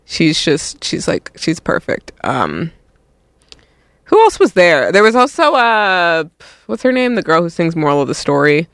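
A man's voice: fairly high pitch, wildly swooping pitch, unhurried, a bit bright, dry recording, studio quality. A young man hosting a radio show, chatting casually in a tired, laid-back way, rambling with lots of "like" and "um". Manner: rambling, filler-heavy, full of "like" and "um".

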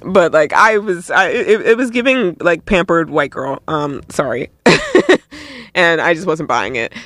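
Young man, casual music video commentary, bright high voice, laughs a lot, dry close sound. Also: unhurried, no room sound. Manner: animated, laughs often, self-interrupting.

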